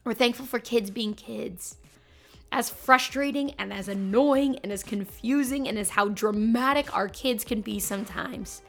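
A woman's voice: mid-range voice, fairly bright tone. A young adult woman, a teacher, giving an upbeat, chatty motivational talk to fellow teachers with lots of emphatic repeats. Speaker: teacher and podcast host.

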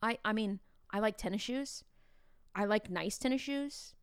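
A woman in her thirties, a teacher hosting a podcast, talking in a chatty, animated way with playful asides to the listener. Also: mid-range voice, moderate pace, smooth, dry recording, studio quality. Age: 30s. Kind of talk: casual podcast talk.

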